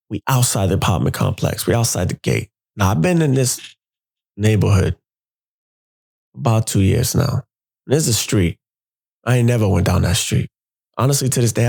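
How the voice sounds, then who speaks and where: A young man telling a personal story in a casual, animated way, jumping into his friends' voices when he quotes them. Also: mid-range voice, vocal fry.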